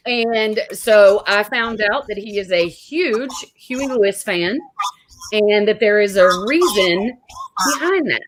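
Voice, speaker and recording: A woman hosts an interview show and chats upbeat and eager with her guest. She talks over a video call at a middle pitch for a woman, with a faint hiss behind her voice. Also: expressive, slow pace, poor audio. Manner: upbeat, enthusiastic, chatty. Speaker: show host. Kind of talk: casual interview chat.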